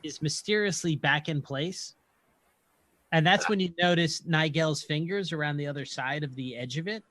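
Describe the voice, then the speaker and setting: A man running a tabletop game as game master, calmly explaining rules and narrating scenes. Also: fairly high pitch, normal speed, no room sound.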